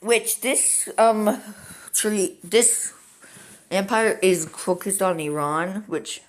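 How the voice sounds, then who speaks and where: A young male voice giving unhurried, drawn-out commentary over a map strategy game at home. He rambles from point to point and sprinkles "like" everywhere. The delivery is loose and casual rather than scripted. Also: high voice. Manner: rambling and easily sidetracked, full of "like". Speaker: gaming commentator.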